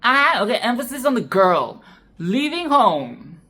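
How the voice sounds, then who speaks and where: Sassy film commentator, cusses a lot, rambly, keeps saying okay?, mid pitch. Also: sing-song, measured pace, pushed and bright. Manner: sassy, profane, tags "okay?" onto lines; rambling with frequent restarts and laughs. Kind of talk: casual film commentary monologue.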